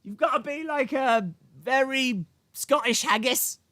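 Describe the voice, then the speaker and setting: A man hosting a live stream, reacting excitedly to chat, shouting and laughing. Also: very high voice, a little slow, no room sound, clean studio sound. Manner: animated, shouts and laughs reading chat names.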